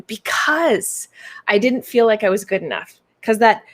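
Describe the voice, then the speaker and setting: A playful, bubbly woman with a Canadian accent hosts a business coaching livestream. She talks casually to her viewers and tosses in silly made-up words. Her voice sits at a medium pitch for a woman. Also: expressive, a little slow.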